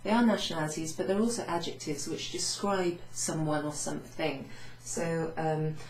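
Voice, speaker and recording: A woman's voice: low voice, steady tone, normal speed, reverberant, slight background noise. A woman teaching beginners French, explaining patiently step by step and sounding out French words. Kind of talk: recorded lesson recap.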